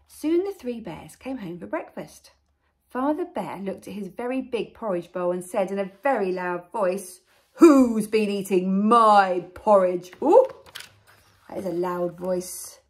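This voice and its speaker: A woman, a nursery teacher, reading a storybook to young children with an expressive, gently coaxing manner and soft asides. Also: medium pitch.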